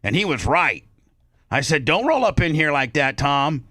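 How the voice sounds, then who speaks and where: A man's voice: a little high, big pitch swings, normal speed, bright, forceful tone, dry recording. A male radio host telling a story in a brash, profane way, acting out both sides of an argument. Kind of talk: casual storytelling on talk radio.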